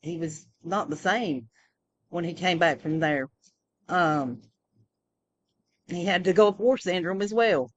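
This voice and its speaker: A woman's voice: fairly low pitch, slow, pauses often. A woman rambling through a casual personal monologue, full of fillers and restarts. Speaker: vlogger.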